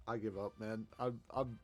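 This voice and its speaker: A man's voice: fairly low pitch, darkish tone. A man streaming a game, chatting casually, laughing a lot and poking fun at himself. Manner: chatty, self-deprecating, laughs often. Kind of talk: casual gameplay commentary.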